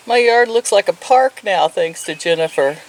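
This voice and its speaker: A woman's voice: mid-range voice, poor audio. A woman in her sixties chatting casually at home, rambling and chuckling often. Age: 60s. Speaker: vlogger. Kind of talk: casual chat.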